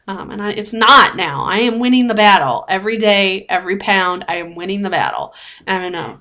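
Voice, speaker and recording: A young adult woman talking straight to her camera in a casual video diary. She rambles with plenty of fillers and restarts, laughs easily and gets emotional. Her voice sits at an ordinary middle pitch for a woman. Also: expressive, brisk, bright, forceful tone. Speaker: vlogger sharing a weight-loss journey.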